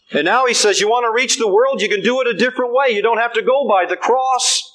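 A man's voice: very high voice, lively intonation, brisk, fairly bright tone, rough recording. An older man preaching a sermon, emphatic and repeating his refrains.

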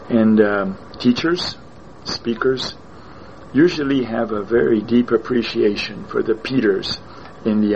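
Male preacher, lower voice, very slow and deliberate sermon delivery, repeats key lines. Muffled lo-fi recording. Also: a little mellow, slight background noise.

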